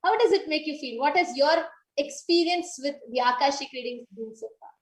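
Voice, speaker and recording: A woman host with a high, light voice poses encouraging questions to her guest. She pauses now and then with small fillers. The sound carries a clear echo from the room. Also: a little hiss or hum. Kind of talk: interview questions. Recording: echoey room.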